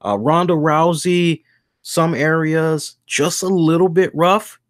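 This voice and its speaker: A man hosting a wrestling review show in a casual chat, animated and acting out the voices he quotes. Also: fairly high pitch, slow, dry recording, clean studio sound.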